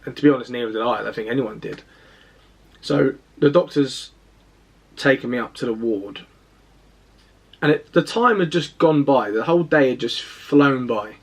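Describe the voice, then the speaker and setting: A man's voice: mid-range voice, moderate pace, vocal fry, pauses often, slightly rough. A young man, casually recounting a personal story to camera in a rambling, self-deprecating way. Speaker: fitness vlogger.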